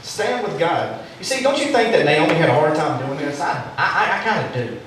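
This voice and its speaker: A fairly high-voiced man preaches in a church sanctuary with a storyteller's ease. His voice rings through a very echoey hall and sits some way off from the mic, with faint room noise underneath. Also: sing-song, quick pace, fairly bright tone, far from the mic. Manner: storytelling preacher with a joking turn. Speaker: pastor. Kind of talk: sermon.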